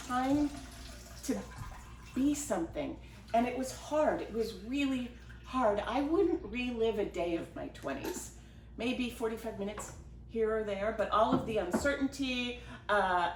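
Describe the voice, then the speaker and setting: A middle-aged woman, a writer, telling a self-deprecating personal story at home and animatedly acting out what people said. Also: a little high. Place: home kitchen. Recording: roomy home recording from a distance, with background noise.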